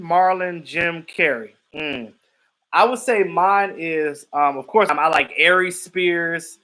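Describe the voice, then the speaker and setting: Animated high-voiced man chatting live. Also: rough recording. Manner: animated, laughs often, acts out quotes. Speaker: live stream host. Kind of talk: casual chat reacting to viewers.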